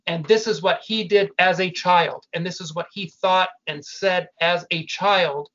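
This older guest, who founded a family business, chats casually in a high, sharp voice that stays steady at a measured pace. Earnest in his storytelling, he frequently starts sentences over, and the recording sounds muffled and lo-fi.

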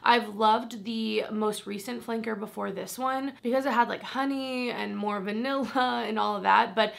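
A woman's voice: on the high side, fairly even intonation, normal speed, creaky. A young woman chatting casually about perfumes as a vlogger, rambling and self-deprecating. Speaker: fragrance vlogger. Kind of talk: casual chat.

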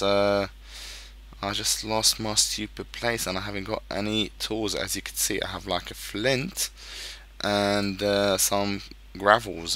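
Male gaming YouTuber, low and forceful voice, casual and profane commentary. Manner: swears a lot, frustrated outbursts.

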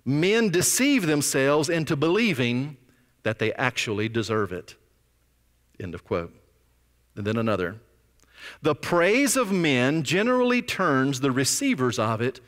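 A man's voice: medium pitch, a bit bright. A man preaching a sermon as pastor, with dramatic rises and drops in volume. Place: church sanctuary. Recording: long reverb of a church sanctuary.

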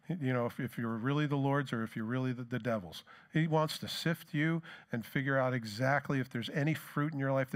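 A middle-aged male pastor delivers a sermon in an easy, conversational way. His voice sits in an ordinary middle pitch for a man. He keeps asking rhetorical questions and adds plain asides as he talks.

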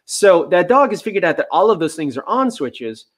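A man, a dog trainer, answering viewer questions in a relaxed, chatty live-stream style with many fillers. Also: sits high, normal speed.

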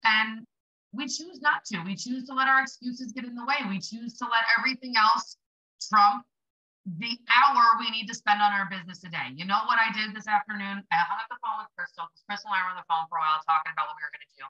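A woman's voice: medium pitch, fast talker, bright, forceful tone, lo-fi sound. A young adult woman hosting a casual motivational live stream for small business sellers, chatty and blunt, swearing for emphasis. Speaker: livestream host coaching small business sellers.

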